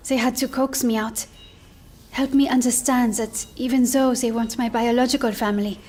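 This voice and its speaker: An actress playing an earnest, gentle young woman. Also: a little high, fairly even intonation, normal speed, close to an everyday voice. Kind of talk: game cinematic voice acting.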